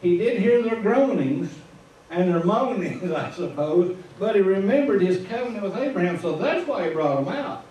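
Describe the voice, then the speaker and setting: A man's voice: high-pitched, animated, normal speed, warm tone. A man with a Midwestern American accent preaching an informal sermon in a church, telling the story in a folksy way and chuckling at his own asides. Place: church sanctuary. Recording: echoey room, far from the mic.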